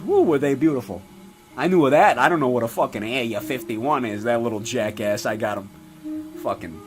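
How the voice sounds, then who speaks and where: A man playing a foul-mouthed, brash middle-aged father in a comedy sketch, rambling and ranting with lots of swearing. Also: natural voice. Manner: profane rambling rants with animated pitch swings. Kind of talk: comedy sketch character monologue.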